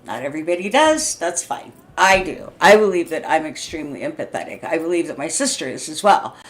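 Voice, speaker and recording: A woman's voice: deep voice, very animated, fairly quick. An agitated woman in her sixties vents to camera in a rambling monologue. She laughs between thoughts, swears freely, and restarts her sentences as she talks. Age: 60s. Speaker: vlogger. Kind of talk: unscripted venting monologue.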